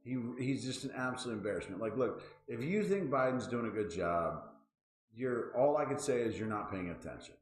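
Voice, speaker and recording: A man's voice: mid-range voice, lively intonation, moderate pace, roomy sound, poor audio. A man in his thirties hosting a casual chat show, ranting with lots of swearing and exasperation. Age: 30s. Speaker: podcast host.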